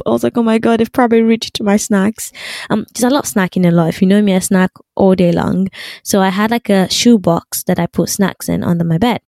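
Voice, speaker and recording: A young woman vlogger telling a story in casual chat, animated and full of fillers. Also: mid-range voice, vocal fry, no room sound.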